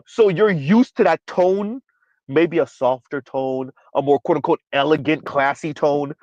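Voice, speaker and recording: A man's voice: fairly high pitch, measured pace, a little mellow, no room sound, lo-fi sound. A man from the United States, hosting a livestream commentary and reading out chat, emphatic and asking "right?" again and again. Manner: emphatic, repeats "right?" often. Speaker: commentary channel host.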